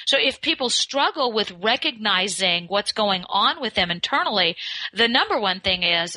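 A woman with a bright, forward voice recorded close and dry gives expert advice in an interview. She coaches in a measured way, stretching out the phrases she wants to land. The recording has no room sound around her. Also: mid-range voice, no echo, low-quality recording. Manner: coaching, slows down to stress key phrases. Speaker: communication skills expert guest. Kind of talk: podcast interview.

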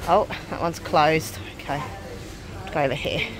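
A woman's voice: low-pitched, unhurried, crowd noise. A British woman talking to camera in a casual vlog, chatty and rambling with lots of fillers. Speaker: vlogger.

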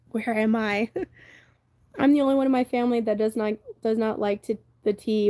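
A young woman from the American South hosts a casual livestream. Her voice sits a little high but sounds warm and mellow. She rambles easily, reads comments aloud and laughs often as she talks. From Southern United States. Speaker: livestream host. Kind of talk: casual live-stream chat reading viewer comments.

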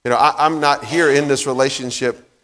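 A man's voice: medium pitch, fairly even intonation, brisk, fairly bright tone. A man preaching a sermon in a casual, conversational way, with many fillers and restarts. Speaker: pastor. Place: church sanctuary. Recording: long reverb of a church hall.

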